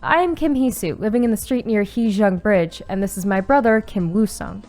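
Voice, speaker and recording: A woman's voice: medium pitch, normal speed. Young woman, game playthrough, story read aloud, sudden squeals, casual swearing, faint music behind. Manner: reads story text aloud, breaks into excited squeals and swearing. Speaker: gaming streamer reading a visual novel aloud. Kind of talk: casual playthrough narration with reactions.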